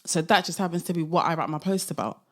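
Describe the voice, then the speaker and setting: A woman's voice: lowish voice, quick pace. A young woman hosting her own podcast, talking casually and animatedly, often laughing and asking rhetorical questions. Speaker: podcast host. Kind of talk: casual solo podcast monologue.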